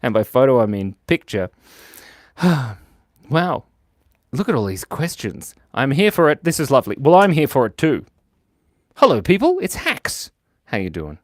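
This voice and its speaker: A man's voice: medium pitch, very animated, moderate pace, pauses often. A playful man talks through a live drawing stream, with a voice that rises and falls a lot as he jokes along with viewers. He laughs often and teases himself. The sound is close and dry, with no room echo. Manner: playful, joking and self-mocking; laughs often while talking. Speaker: livestream host drawing for viewers. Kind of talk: casual live chat reading viewer comments.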